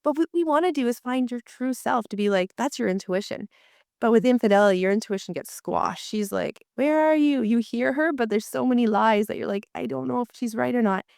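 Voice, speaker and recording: A woman's voice: on the high side, fairly quick, creaky, no room sound, studio quality. A woman marriage coach explaining her methods as a guest in a conversation, acting out inner voices as she goes. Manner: animated, acts out inner voices.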